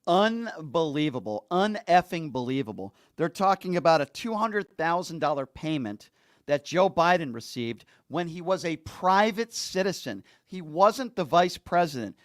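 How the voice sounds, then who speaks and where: A man's voice: fairly high pitch, expressive, normal speed. A male host delivering an angry political commentary rant, insulting and heavily emphatic.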